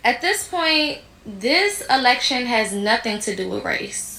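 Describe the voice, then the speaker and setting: Indignant bright-voiced woman podcaster. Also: fairly high pitch, sing-song, unhurried, creaky, echoey room. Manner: heated, indignant, mocking. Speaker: podcast host. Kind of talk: commentary on video clips.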